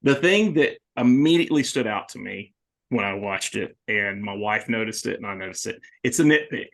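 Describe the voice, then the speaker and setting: A man hosting a horror movie podcast, talking casually and excitedly with many restarts. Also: on the low side, moderate pace, creaky. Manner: rambling, animated, many restarts. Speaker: podcast host. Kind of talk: casual movie review chat.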